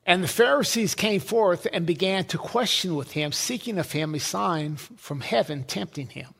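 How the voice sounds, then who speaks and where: A man's voice: sits high, lively intonation, moderate pace, vocal fry, a bit bright, husky. A man preaching a sermon, emphatic, repeating words and building lists.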